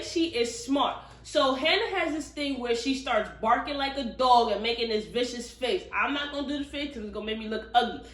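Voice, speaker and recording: Woman book reviewer, lively and profane, roomy space. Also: on the high side. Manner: animated, profane, chatty storytelling. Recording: roomy echo.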